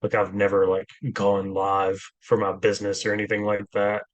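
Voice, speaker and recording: A man who owns a food truck, a guest chatting casually in a relaxed, hesitant way with lots of fillers. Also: on the low side, normal speed, no echo, dull audio. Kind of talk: casual chat.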